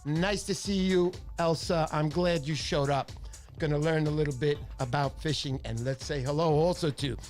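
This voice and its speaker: A man's voice: fairly high pitch, moderate pace, soft background music. Chatty New man with a cold. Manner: chatty storyteller, animated impressions. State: stuffy nose from a cold. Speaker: fishing livestream host. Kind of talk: casual livestream chat.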